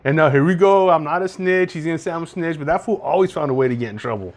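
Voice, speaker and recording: A man's voice: on the high side, fast talker. A young man co-hosting a podcast in laid-back casual chat, often saying "bro". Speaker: podcast co-host.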